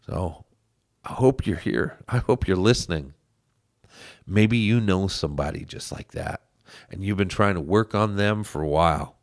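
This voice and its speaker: Man, very low voice, dry close mic, earnest political podcast host. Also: moderate pace, no echo. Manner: earnest, urging listeners to get involved. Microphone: studio microphone.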